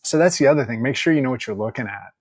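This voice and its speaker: Animated man telling stories, dry sound. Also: medium pitch, rapid-fire, husky, no room sound. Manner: animated storyteller, laughs often, acts out quotes. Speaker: podcast guest. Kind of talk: casual interview storytelling.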